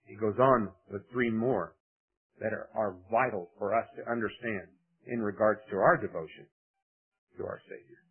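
A man's voice: lowish voice, normal speed. A man preaching a sermon, retelling a scripture story dramatically and acting out the voices, heard over a tinny radio broadcast. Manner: animated, dramatic, acts out voices.

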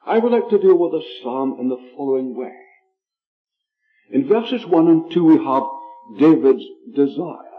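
Slow, deliberate preacher on a tinny line. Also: male voice, mid-range voice. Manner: slow, deliberate preaching that stresses single words. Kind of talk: sermon. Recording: tinny phone-like recording.

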